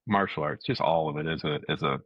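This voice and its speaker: A man's voice: very deep voice, fast talker, no room sound, highs cut off. A man co-hosting a podcast, telling a story casually and acting out the quotes, with many restarts. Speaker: podcast co-host.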